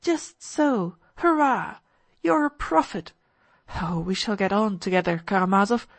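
A woman voicing an eager, excitable teenage boy in an audiobook, gushing with breathless enthusiasm. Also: on the high side, normal speed, no echo, voice pushed up, close to an everyday voice. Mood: excited. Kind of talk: audiobook character voice.

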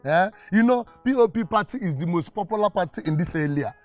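A Nigerian actor playing a smooth-talking party politician, coaxing and thanking effusively. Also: male voice, high voice, animated, fairly quick, faint music behind. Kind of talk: film acting.

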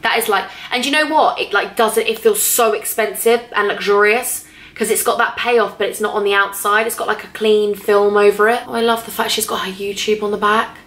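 Bright, gushing young woman vlogger. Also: medium pitch, a little fast, roomy sound. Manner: gushing, excitable, chatty. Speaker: beauty vlogger. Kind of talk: casual vlog chat. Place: hotel room.

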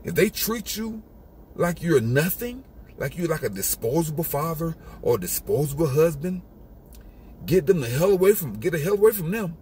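A man's voice: fairly high pitch, sing-song, normal speed, a little mellow, a little hiss or hum. A man giving an emphatic, repetitive motivational monologue in a casual street style. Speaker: motivational speaker.

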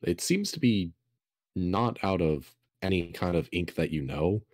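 A man narrating as game master, describing rooms slowly with many fillers and pauses. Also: low voice, lively intonation, a little mellow, dry recording, clean studio sound. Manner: slow, hesitant, filler-heavy descriptions.

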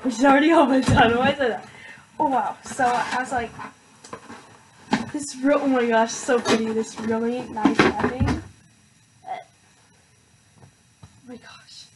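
A teenage girl vlogging an unboxing, hyper and excitable, with lots of filler words. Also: a little high, normal speed, long pauses, very noisy. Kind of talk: casual unboxing vlog.

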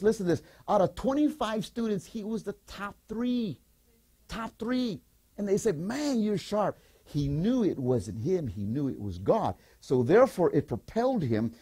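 An older man preaching a sermon as pastor, animated, repeating phrases and calling the congregation to respond. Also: sits high, husky.

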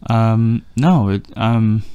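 A young man chatting casually as a podcast guest, halting and laid-back, with many fillers. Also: on the low side, mellow, muffled recording, a little hiss or hum. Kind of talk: casual chat.

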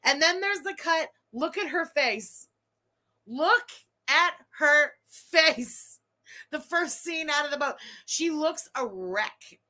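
Her voice high, bright and a little tense, this female streamer keeps a measured pace as she reacts live. She curses freely and breaks into laughing fits and outraged rants, pausing between them to thank her viewers.

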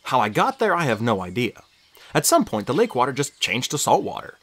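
An audiobook reader narrating a story in first person with lively, expressive storytelling. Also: mid-range voice, brisk.

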